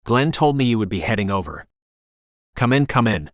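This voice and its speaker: A man voicing an energetic older woman innkeeper in her sixties with a faint Jamaican accent, reading an audiobook. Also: mid-range voice, moderate pace, no room sound, studio quality, lightly acted. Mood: chatty.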